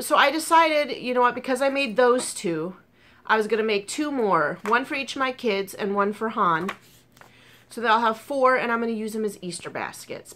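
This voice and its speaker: With a fairly high pitch, a woman gushes about her crochet projects in a casual vlog. Her excitable chatter is peppered with ums, and she's speaking with a burnt, sore tongue.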